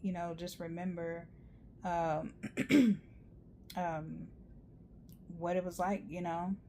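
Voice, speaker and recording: A woman's voice: fairly low pitch, flat delivery, takes it slowly, warm tone, slight background noise. A woman giving a rambling, chatty tarot reading, full of fillers and asides. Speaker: tarot reader. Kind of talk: casual tarot reading monologue.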